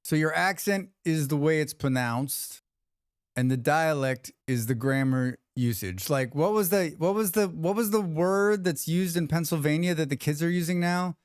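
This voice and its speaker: A man's voice: fairly high pitch, moderate pace, clean tone, no room sound, clean studio sound. A man hosting a game livestream, rambling casually and reading out chat messages. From United States. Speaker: livestream host. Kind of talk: casual chat with chat while gaming.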